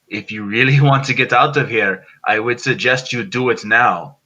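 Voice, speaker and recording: A man's voice: mid-range voice, normal speed, bright, forceful tone, highs cut off. A man playing a cocky, taunting adventurer. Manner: mocking, cocky. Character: taunting adventurer warning a captain.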